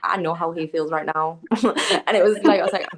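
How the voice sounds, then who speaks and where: Lowish-voiced Geordie woman chatting. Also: fairly even intonation, fairly quick. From northern England. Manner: chatty, laughing, quotes herself in little scenes. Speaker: guest. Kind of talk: casual chat.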